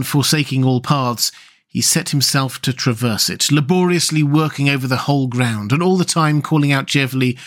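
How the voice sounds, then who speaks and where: A man reading a classic children's story aloud, measured and expressive. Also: mid-range voice.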